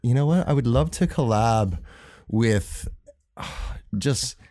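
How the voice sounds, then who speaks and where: A man's voice: medium pitch, takes it slowly. A man guesting on a casual chat, his voice in a middle register. He tells stories with animation, stumbles over fillers and drops the odd curse. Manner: animated storyteller, hesitant fillers, swears. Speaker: guest DJ and musician.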